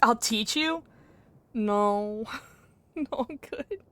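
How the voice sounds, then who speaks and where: A woman's voice: on the high side, drawn-out words, a bit bright. A young adult woman chatting casually and teasing her chat while playing a game live, laughing often. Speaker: gaming streamer.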